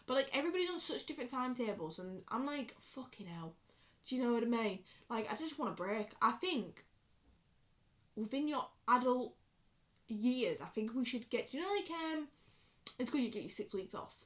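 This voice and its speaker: Twenties Yorkshire woman, rambling sweary vlogger, a touch higher-pitched than most. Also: a little fast. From Yorkshire, England. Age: 20s. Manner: rambling, sweary, chatty, animated. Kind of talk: casual talking-to-camera vlog.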